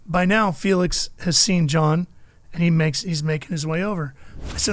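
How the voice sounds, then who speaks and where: A middle-aged man, a motorsports broadcaster, telling a story with lively energy in a podcast interview. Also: high-pitched, normal speed, creaky, dry recording. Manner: lively anecdotal storyteller, acts out the people in his stories.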